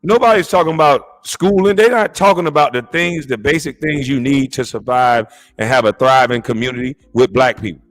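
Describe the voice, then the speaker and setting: A man's voice: mid-range voice, fairly quick, hardly any pauses, soft background music. A man hosting a casual commentary show, reacting to clips in an indignant, mocking way.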